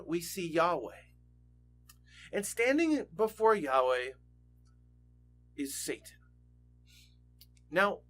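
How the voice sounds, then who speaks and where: A man's voice: on the high side, fairly bright tone. A man teaching a Bible lesson, telling the story vividly, like scenes from a movie.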